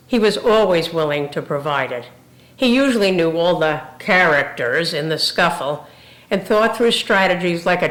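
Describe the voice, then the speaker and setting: An older woman, a retired university president, telling funny stories in a tribute speech. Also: on the low side. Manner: warm humorous storytelling. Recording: roomy echo.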